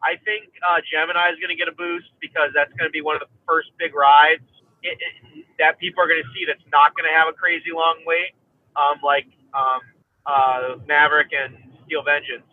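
A man with a higher voice talks in a rambling way, full of pauses and fillers, hiccuping as he goes. His voice comes over a tinny, phone-like line with a dry, close sound. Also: little pitch movement, no room sound. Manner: rambling, many fillers and restarts. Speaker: guest. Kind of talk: casual chat.

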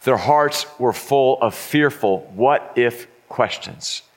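A man's voice: mid-range voice, slow. A man preaching a sermon, retelling a scripture story in an earnest way with frequent stammered restarts. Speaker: pastor.

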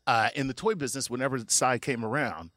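A middle-aged man hosting a comedy podcast, telling stories in an animated way, laughing often and slipping into voices. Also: mid-range voice, fast, no echo, studio quality. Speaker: podcast host. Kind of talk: casual comedic chat.

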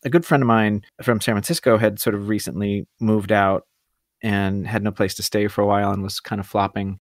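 A man telling the story of his career in a relaxed interview, rambling and self-deprecating, with hesitant restarts. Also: fairly low pitch, brisk, no echo, clean studio sound. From California. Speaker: guest food photographer.

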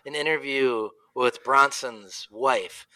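A man's voice: mid-range voice, slow pace, no room sound. A man co-hosting a casual podcast, telling stories with lots of laughter and acting out both sides of each conversation. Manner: animated storyteller who acts out both sides of conversations; laughs often while talking. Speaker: podcast co-host. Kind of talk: casual chat, race recap.

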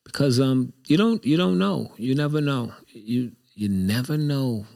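A man's voice: medium pitch, animated, measured pace, creaky, warm tone. A man hosting his own show, talking in a casual, reflective monologue that rambles and repeats itself candidly. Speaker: show host.

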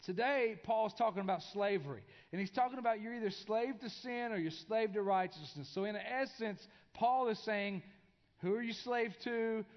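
A man preaching a conversational sermon as a pastor in a church, often repeating himself and restarting his sentences. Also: high voice. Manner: conversational, with many restarts and filler. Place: church sanctuary. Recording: dull sound with long hall reverb.

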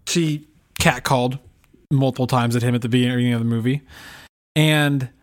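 A man chatting casually as a podcast co-host, telling a story with lively, animated delivery and mimicked voices. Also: mid-range voice, moderate pace. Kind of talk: casual chat.

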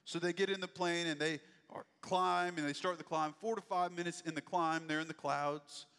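A man's voice: a little high, fairly even intonation, moderate pace, a bit bright, clean tone. A man preaching a sermon, telling a story animatedly and acting out the voices of the people in it. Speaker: pastor. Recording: echoey hall with long reverb.

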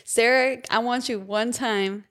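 A woman's voice: a little high, fairly even intonation, measured pace. A young woman chatting casually about working at a coffee shop drive-through, laughing often and acting out customers. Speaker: former coffee shop barista. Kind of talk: casual chat.

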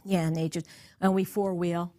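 A woman's voice: on the low side, flat delivery, normal speed, mellow. A middle-aged woman chatting casually as an interviewee, rambling with many fillers and restarts. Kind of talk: casual chat.

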